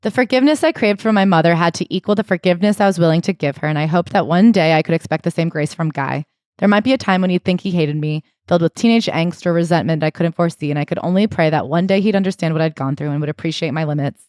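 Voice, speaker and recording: A woman co-hosting a comedic podcast, retelling a memoir and acting out the quoted lines in animated voices. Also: fairly low pitch, quick pace, no room sound. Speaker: podcast co-host. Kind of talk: comedic book recap chat.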